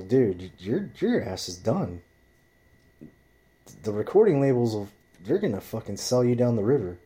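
A man's voice: on the low side, warm tone. A man telling rambling stories in casual chat, swearing constantly as he talks. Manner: profane, rambling storyteller.

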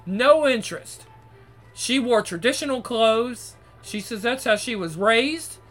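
A man's voice: extremely high pitch, animated, measured pace, a bit bright, faint music behind. A man ranting to his viewers in a crude, repetitive, exasperated way, swearing constantly. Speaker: vlogger. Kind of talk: profane monologue rant to viewers.

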